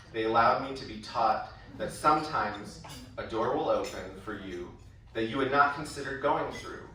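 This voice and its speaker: A man's voice: mid-range voice, slight background noise. A man giving a prepared speech at a school event, telling stories and livening up when he quotes others. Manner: storytelling, animated when quoting others. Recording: echoey hall from far off.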